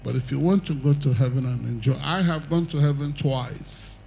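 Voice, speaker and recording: A man's voice: medium pitch, normal speed, vocal fry, warm tone, slight background noise, poor audio. An older man preaching an evangelistic sermon and altar call, with emphatic, repetitive exhortation and the odd chuckle.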